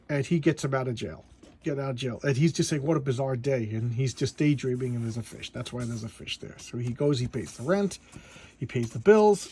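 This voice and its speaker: A man's voice: a little high, darkish tone, slight background noise. A man casually reviewing a comic book, rambling and often stammering and repeating his words.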